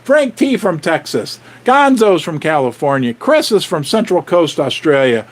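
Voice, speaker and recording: A middle-aged man hosting a casual livestream, excitably rattling off viewer names and shout-outs, his voice going hoarse. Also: on the high side, unhurried. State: losing his voice. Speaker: livestream host.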